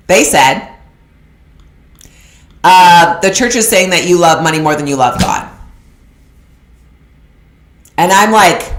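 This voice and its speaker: Emphatic woman coach in an echoey room. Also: lowish voice. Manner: emphatic, preacher-like, addresses audience directly. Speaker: business coach. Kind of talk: live online masterclass talk. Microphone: video call.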